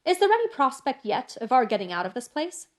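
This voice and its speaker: A woman reading the part of a brisk, stubborn, fiercely loyal English maid, speaking emphatically in an audiobook. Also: high-pitched, sing-song. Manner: emphatic, brusque.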